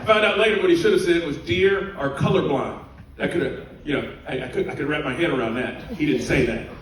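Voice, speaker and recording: A man with a slightly high voice performs animated stand-up comedy. He is heard from far off in a very echoey room, with a lively audience clearly audible behind him. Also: fast, slight background noise. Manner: animated storytelling with laughter. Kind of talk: stand-up routine. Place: cruise ship theater, live audience.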